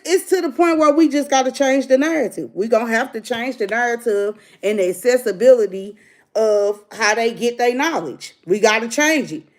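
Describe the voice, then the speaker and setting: A middle-aged woman, ranting bluntly to her livestream viewers like a preacher. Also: on the high side. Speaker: livestream host. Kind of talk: casual livestream rant.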